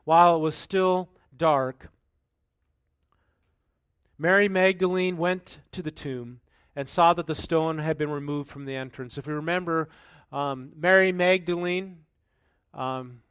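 A male pastor giving a sermon, reading scripture aloud and then commenting in a relaxed, conversational way with rhetorical questions. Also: a little high, measured pace, clear, resonant tone, no room sound.

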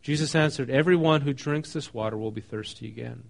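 A man's voice: mid-range voice, a little fast, vocal fry. Conversational man preaching a sermon. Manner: conversational, asks the congregation questions; reads scripture then explains it casually. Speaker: pastor.

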